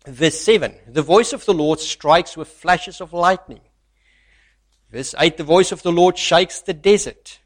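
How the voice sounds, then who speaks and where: A man preaching a sermon who reads scripture aloud and swings from loud, stressed lines to soft, near-hushed asides. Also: on the high side, measured pace.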